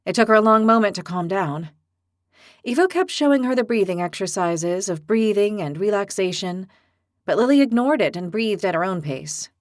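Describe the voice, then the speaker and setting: A woman narrating an audiobook in a steady, expressive storytelling manner. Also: mid-range voice, no room sound, clean studio sound. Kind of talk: scripted narration.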